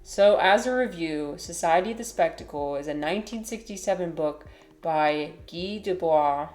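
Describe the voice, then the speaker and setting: A woman livestreaming in casual chat, rambling and hesitant with many fillers and restarts, now and then cooing softly to her cat. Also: on the low side, moderate pace. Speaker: livestreamer and teacher.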